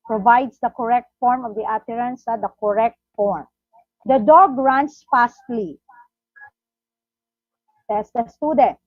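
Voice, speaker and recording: A woman's voice: fairly high pitch, no room sound, muffled recording. A woman training teachers in an online session, explaining step by step and restating each point. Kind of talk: online in-service training lecture. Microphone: video call.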